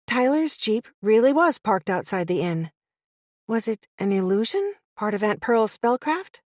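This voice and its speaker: A woman narrating a first-person audiobook in a clear, even storytelling manner on a close studio mic. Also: fairly high pitch, measured pace, dry recording.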